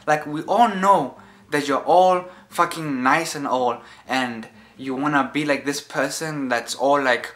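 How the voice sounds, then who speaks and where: A man in a comedy sketch ranting at a coworker, exasperated and profane, with words tumbling out fast. His voice is a bit high, bright and edgy.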